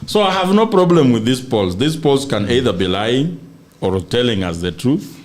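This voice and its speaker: A man's voice: medium pitch, lively intonation, moderate pace, darkish tone, slight background noise. Kenyan guy on a politics podcast, emphatic and sure of himself, slips into swahili. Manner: emphatic, declarative, mixes Swahili into English. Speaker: political guest, senatorial aspirant. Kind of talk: animated political podcast debate.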